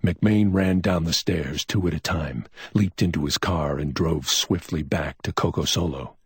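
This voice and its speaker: Husky deep-voiced man narrating. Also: measured pace, dry recording, clean studio sound. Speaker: audiobook narrator. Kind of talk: scripted narration of pulp crime fiction.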